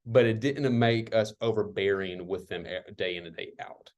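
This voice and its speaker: A man's voice: fairly low pitch, normal speed. A man speaking on an online community call, reflective and loose, with many fillers like "um" and "like". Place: worked at retreat centers.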